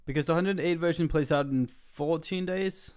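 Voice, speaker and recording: A young man who is not a native English speaker, streaming online poker and chatting casually with viewers in a relaxed, rambling way. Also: on the high side, moderate pace, clean tone. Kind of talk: casual live-stream commentary.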